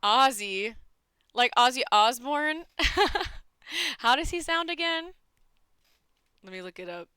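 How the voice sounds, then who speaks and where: Bright, giggly young woman streamer. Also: fairly high pitch, lively intonation, takes it slowly, pauses often, clean tone, no echo. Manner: giggly, chatty, swears casually. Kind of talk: casual live-stream chat while reading a game aloud.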